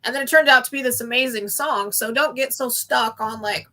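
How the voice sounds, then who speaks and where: A woman's voice: fairly high pitch, brisk, hardly any pauses, bright, forceful tone. A woman hosting a podcast, asking rambling, chatty questions in a casual interview. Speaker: podcast host.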